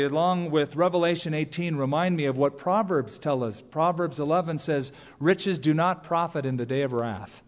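Emphatic preacher in a reverberant hall. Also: male voice. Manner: emphatic preaching, rising to high cries on key phrases. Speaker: pastor. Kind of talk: sermon. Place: church sanctuary. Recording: long reverb of a large hall.

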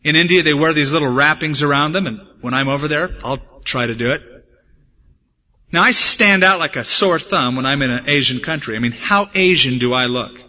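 Male pastor from the States, sermon delivery, earnest with touches of humor, sharp ringing tone, muffled recording with long reverb. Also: fairly high pitch, fairly quick. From United States. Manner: earnest preaching mixed with humorous personal stories. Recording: dull, echoey church hall recording.

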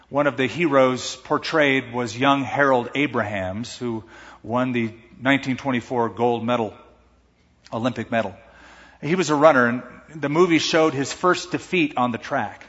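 Speaking at a normal speed with a mid-range voice, a man preaches as pastor, his emphatic sermon surging to strong high points. The volume swings dramatically, and the audio is muffled and dull, captured in an echoey hall.

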